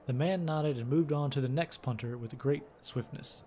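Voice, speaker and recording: A man's voice: medium pitch, moderate pace, dark tone, slight background noise. Man, let's play host; casual read-aloud of game text with commentary, some fillers. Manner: casual, with fillers and self-corrections.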